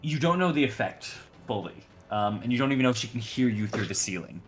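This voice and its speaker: A man's voice: mid-range voice, expressive, fast, faint music behind. A man narrating a tabletop game as game master, rambling with many fillers and restarts.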